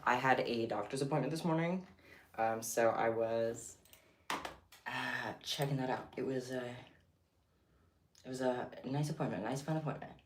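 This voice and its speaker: Speaking at normal speed with long pauses, this medium-pitched streamer keeps up loose, chatty live stream talk, out of breath and prone to giggling as thoughts scatter. Faint noise and a roomy echo come through a far-off mic.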